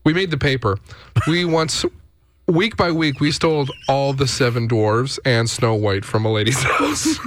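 A man's voice: mid-range voice, very animated, unhurried, fairly bright tone. A man co-hosting a radio morning show, telling joking stories in casual banter. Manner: playful, joking storyteller.

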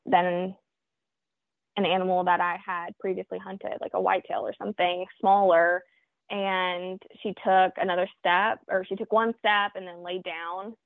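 Woman on a phone call, slightly gravelly voice, dry and tinny, thoughtful with lots of ums. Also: mid-range voice, dry recording. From Oklahoma. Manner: reflective, halting, many fillers. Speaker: guest hunter. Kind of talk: interview storytelling.

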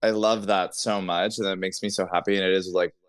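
A man, a drag performer and guest, talks earnestly, circling back and restarting his thoughts as he goes. His low voice is smooth and clear. He sounds close to the mic in a dry room. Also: little pitch movement, a little fast, no echo. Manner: rambling, earnest, many restarts. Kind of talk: casual interview chat.

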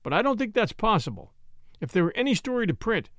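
A man voicing a brisk, matter-of-fact night editor who doubts the story. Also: high voice, sing-song, fairly bright tone, no room sound, clean studio sound, voice pushed up, full character voice. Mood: dismissive.

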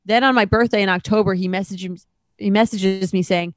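A woman co-hosting a casual chat, talking quickly and loosely with many fillers, and reading a letter aloud. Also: mid-range voice, fairly even intonation, dry recording. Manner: chatty, lots of "like" fillers. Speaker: podcast co-host.

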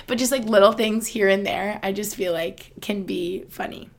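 Chatty young woman with vocal fry. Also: mid-range voice, moderate pace. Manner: chatty, upbeat, many "like" fillers, laughs often. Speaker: podcast host. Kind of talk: casual chat.

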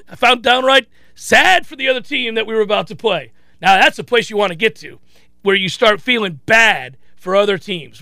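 A sports talk host, a man, riffs animatedly in a casual, rambling way and often starts sentences over. His voice sits high with a gravelly edge and a bright, forceful tone, recorded dry and close. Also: normal speed, no echo. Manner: animated, chatty, frequent restarts.

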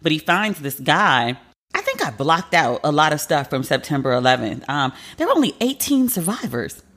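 This journalist's casual monologue podcast is chatty and full of emotion, with "like" filling nearly every line. He speaks at a moderate pace in a sing-song voice on the high side that sounds pushed and bright.

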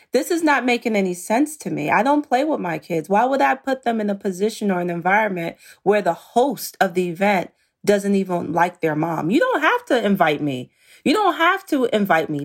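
A woman guest on a podcast in casual interview chat, talking emphatically and repeating key phrases. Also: mid-range voice.

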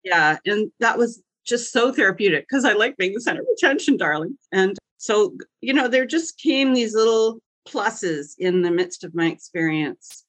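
Woman guest on a podcast, husky breathy voice, cracking jokes and doing little voices as she tells her story. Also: medium pitch, expressive, normal speed, few pauses, fairly bright tone, poor audio. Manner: jokey, acts out voices in her stories. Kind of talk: animated storytelling chat.

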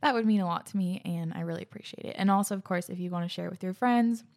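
A woman's voice: on the low side, quick pace. Breathless chatty young woman podcaster. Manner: bubbly, slangy, drifting into soft near-whispers. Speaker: podcast host. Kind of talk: casual chat and reading listener letters.

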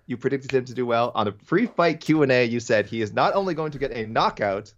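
A man co-hosting a podcast, chatting casually about fights in an animated, rambling way that often corrects itself. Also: medium pitch, fast talker, few pauses, dull audio. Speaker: podcast co-host. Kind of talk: casual sports chat.

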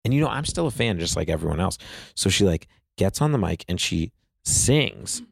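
A man's voice: low voice, very animated, normal speed, gravelly, slightly rough, no room sound, clean studio sound. A man, a guest on an interview show, telling casual stories in a rambling way full of "like" fillers.

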